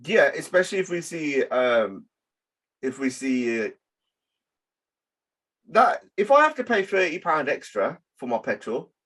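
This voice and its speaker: A man's voice: fairly high pitch, sing-song, unhurried, pauses often, a bit bright. A man chatting casually as a podcast co-host, rambling and hesitant with many fillers. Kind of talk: casual chat.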